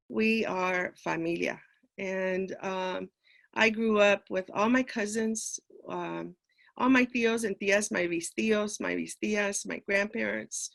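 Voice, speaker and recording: Older woman, retired teacher type, gravelly, earnest storyteller with lots of ums, keynote speech. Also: medium pitch, fairly bright tone. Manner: earnest storytelling with frequent fillers. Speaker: keynote speaker, retired educator. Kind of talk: personal conference talk.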